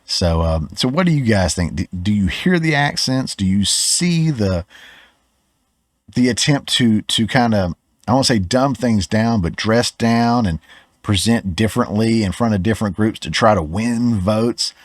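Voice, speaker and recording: A man's voice: fairly low pitch, lively intonation, measured pace, no echo, studio quality. A Southern US man hosting a podcast, giving opinionated commentary in a conversational way, often restarting his words. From Georgia, US. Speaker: podcast host.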